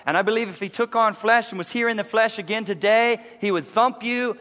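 A male pastor preaching a sermon in a church, emphatic, repeating key lines and dropping to a low, intense hush. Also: a little fast, in a large hall. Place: church sanctuary.

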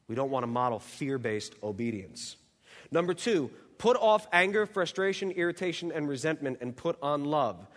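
A man with a slightly high voice preaches a sermon, earnest and emphatic as he works through numbered points. His voice rings out in a church hall with a long, trailing reverb. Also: fairly bright tone.

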